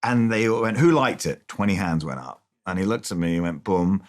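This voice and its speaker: A man's voice: sits low, brisk, background noise. A man being interviewed about his film work, telling loose, rambling stories in a casual chat and acting out the people he quotes. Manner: animated, acts out quoted voices, rambling restarts, frequent swearing. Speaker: film director guest. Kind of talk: casual anecdotal storytelling.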